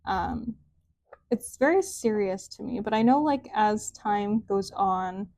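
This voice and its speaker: A woman's voice: medium pitch, slow pace, a little mellow, no echo, studio quality. A woman giving a casual tarot card reading, chatty and rambling, with sing-song sentence endings. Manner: chatty, rambling, says "like" often. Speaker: tarot reader.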